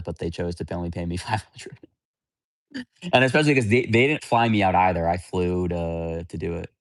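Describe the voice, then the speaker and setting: A man hosting a live stream, answering viewer questions in loose, candid chat. His voice sits fairly low, and he talks bluntly and rambles from point to point. The sound is close and dry, with almost no room around it. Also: no echo. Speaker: livestream host.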